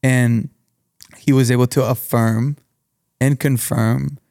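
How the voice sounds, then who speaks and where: Gravelly, flat-voiced young man. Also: mid-range voice, slow pace, dry recording, studio quality. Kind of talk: casual conversation.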